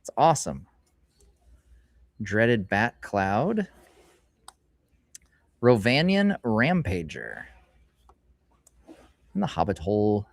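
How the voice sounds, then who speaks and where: A middle-aged man hosts a casual live stream, chatting in a rambling way and reading card names aloud slowly. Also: fairly low pitch, wildly swooping pitch, vocal fry, no room sound. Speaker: streamer host. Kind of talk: casual live-stream chat while opening card packs. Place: hobby store, indoors.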